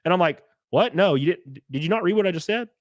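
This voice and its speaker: A man with a high-pitched voice talks fast on a dry recording while hosting a casual livestream. Reading viewer super chats, he rants animatedly, swears and mocks critics in put-on voices.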